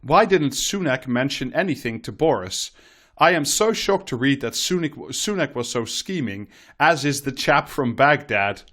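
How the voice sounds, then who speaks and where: A man's voice: mid-range voice, moderate pace. Guy on a podcast, voice bounces all over, laughs a lot. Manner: animated, laughing often, swearing. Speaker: podcast co-host. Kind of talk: casual banter, reading quotes aloud.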